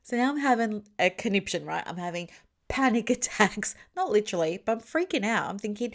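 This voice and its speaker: A woman business mentor in a solo podcast, telling her story in an animated, chatty way with laughs and asides to the listener while explaining terms plainly. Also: medium pitch, normal speed.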